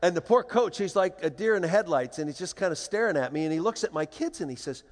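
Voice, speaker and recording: A man's voice: high-pitched, quick pace. Older man telling stories in a big hall. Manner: animated, playful, acts out voices. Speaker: speaker. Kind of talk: humorous storytelling talk to an audience. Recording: long hall reverb.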